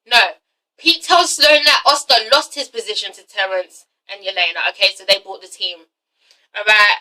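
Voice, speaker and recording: High, bright, sassy woman vlogger. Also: rough recording. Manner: chatty, sassy, profane. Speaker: TV show reviewer. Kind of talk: casual recap vlog.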